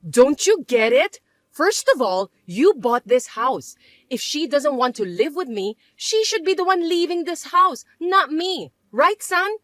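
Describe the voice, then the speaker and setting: A woman voicing a scheming, bossy middle-aged mother-in-law who talks in a shrill, accusing way. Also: very animated, a little slow, a bit bright, dry recording, heavily acted. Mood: indignant. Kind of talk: dramatized story voice acting.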